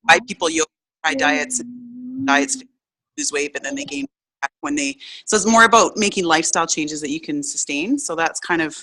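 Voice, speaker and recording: A woman's voice: deep voice, lively intonation, normal speed, sharp tone, low-quality recording. A woman in a casual group chat, talking openly and rambling as she sorts out her thoughts. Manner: open, rambling, self-searching. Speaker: group member.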